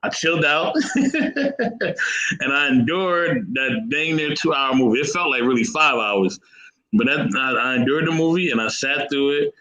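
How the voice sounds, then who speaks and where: A man with a bright, forward tone tells a story in an easygoing, rambling way. He talks casually and chuckles now and then. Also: mid-range voice, expressive, measured pace, rough recording. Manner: laid-back, rambling, chuckling. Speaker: panel guest.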